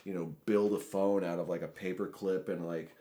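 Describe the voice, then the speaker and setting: Low-voiced guy rambling through podcast stories, animated, echoey room. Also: moderate pace. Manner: animated storytelling with shouted quotes and laughs. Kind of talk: casual podcast chat.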